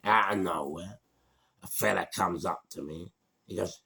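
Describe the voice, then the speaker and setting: A man in his sixties with a London accent, telling a street story in a slangy, animated way. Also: low-pitched, a little slow. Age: 60s. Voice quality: gravelly. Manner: animated, slangy, acts out voices. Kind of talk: storytelling monologue.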